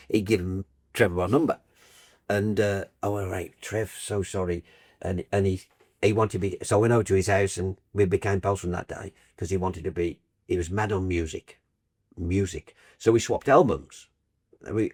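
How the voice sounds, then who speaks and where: An older man, a broadcaster guest telling stories in casual chat with animated, restarting sentences. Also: low voice, breathy edge, no echo, studio quality. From Birmingham, England. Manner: warm anecdotal, animated, trailing restarts.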